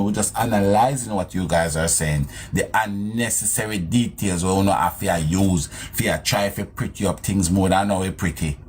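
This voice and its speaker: A man's voice: lowish voice, a little hiss or hum. A man with a Jamaican accent giving casual commentary on an interview clip, scornful and mocking, full of rhetorical questions.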